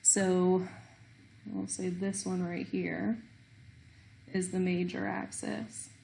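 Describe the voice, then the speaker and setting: A woman's voice: lowish voice, level tone, slow, creaky, warm tone, a little hiss or hum. A woman teaching a recorded math lesson, explaining step by step with small self-deprecating jokes.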